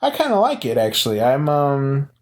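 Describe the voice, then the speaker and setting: A man's voice: medium pitch, wildly swooping pitch, moderate pace. A man co-hosting a podcast in casual chat, joking and boastful, often trailing off and restarting. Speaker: podcast co-host.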